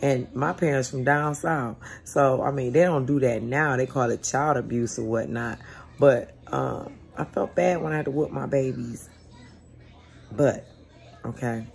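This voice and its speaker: Woman, forties, low voice, gravelly, blunt, profane, casual storytelling. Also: unhurried, a little mellow. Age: 40s. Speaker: vlogger.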